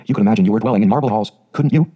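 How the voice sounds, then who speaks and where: A man reading aloud and voicing a chatty, imaginative orphan girl of about eleven, talking in a clear, sweet voice in breathless run-on bursts. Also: on the low side, racing, muffled recording. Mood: eager.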